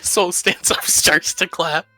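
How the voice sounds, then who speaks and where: A man narrating his characters' actions as a player in a tabletop game, in a lively, laughing way. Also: high voice, takes it slowly, no echo, soft background music.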